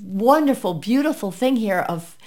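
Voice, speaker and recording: Woman co-host, animated pitch, reads scripture in a chatty way, quick laughs. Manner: animated, reads verses aloud, laughs often. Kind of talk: casual Bible study chat.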